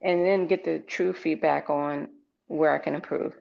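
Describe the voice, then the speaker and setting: A woman's voice: sits low, fairly even intonation, moderate pace, vocal fry. A woman, a new real estate agent in training, speaking earnestly and with determination on a group video call. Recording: dull lo-fi call audio.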